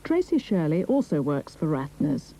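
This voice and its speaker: A woman reading a documentary narration in a measured, even way. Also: sits low, a little hiss or hum, rough recording. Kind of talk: scripted narration.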